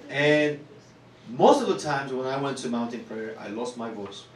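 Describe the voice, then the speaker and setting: A man with a Korean accent, a pastor preaching a sermon in an earnest, repetitive way that builds to loud exclamations. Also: medium pitch, animated, normal speed. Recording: roomy church hall, distant mic.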